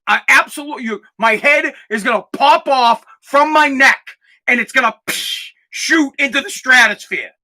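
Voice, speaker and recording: A fired-up man in his forties rants as a podcast host, swearing freely and breaking into yelling. His voice sits high and rings hard and cutting, with a dusty throat he keeps clearing. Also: normal speed, hardly any pauses. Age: 40s. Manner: aggravated, profane, bursts into shouting. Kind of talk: angry ranting monologue.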